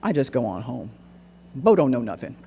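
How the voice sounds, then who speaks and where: A man performing a dramatic monologue on stage, narrating in an animated, dialect-rich storytelling voice. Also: mid-range voice, moderate pace, gravelly, breathy edge. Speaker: solo performer. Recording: echoey hall recording.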